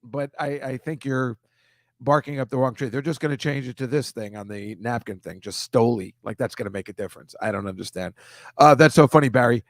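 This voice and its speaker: A man hosting a comedy show, talking casually and exasperated over a series of pictures, ranting with quick asides. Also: mid-range voice, steady tone, no room sound, clean studio sound.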